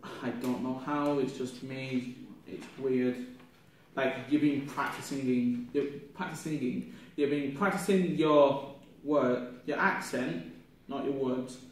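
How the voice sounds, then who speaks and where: A young man, a drama student, reflecting aloud on his performance in a halting, rambling way with many restarts, sounding ill with a cough. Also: medium pitch, steady tone. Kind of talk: spoken self-reflection. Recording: echoey room from far off, faint noise.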